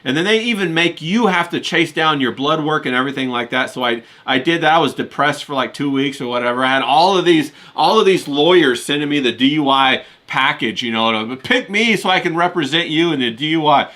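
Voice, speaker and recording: A man's voice: a little high, a little fast, few pauses, sharp tone. A man in casual chat, telling a rambling story with lots of filler. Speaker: podcast co-host.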